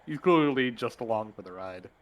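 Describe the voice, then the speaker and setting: A man narrating as game master, in a loose, relaxed way with plenty of fillers. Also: medium pitch, normal speed.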